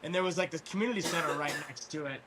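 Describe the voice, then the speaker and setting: A man telling a long story in casual chat, rambling with fillers and restarts, clearing his throat as his voice wears out. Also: a little high, racing, crowd noise. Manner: rambling, full of fillers and restarts, swears freely. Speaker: guest storyteller.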